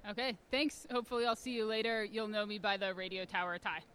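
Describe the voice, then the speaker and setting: A woman being interviewed at a conference, explaining things clearly with frequent ums. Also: medium pitch, steady tone, fast, fairly bright tone, a little hiss or hum. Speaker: guest, community radio organizer.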